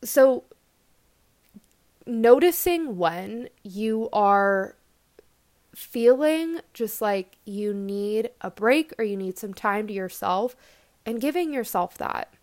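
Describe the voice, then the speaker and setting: A young woman hosting a self-help talk, speaking in a reflective, gentle, conversational way with casual "like" fillers. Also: medium pitch, expressive, takes it slowly. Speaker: podcast host and coach.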